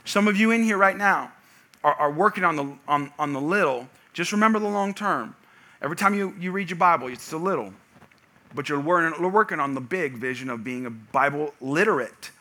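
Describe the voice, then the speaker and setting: A man in his thirties preaching a sermon, telling lively stories about his kids and shouting the punchlines. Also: a little high, a little fast. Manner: energetic storytelling, shouting punchlines. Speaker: pastor.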